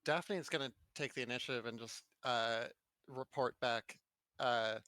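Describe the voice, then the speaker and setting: A man plays a tabletop game and describes his character's moves in a quiet, laid-back way. His voice sits at a middle pitch. The sound is dry and close. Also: moderate pace, no room sound. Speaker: player. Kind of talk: casual tabletop play.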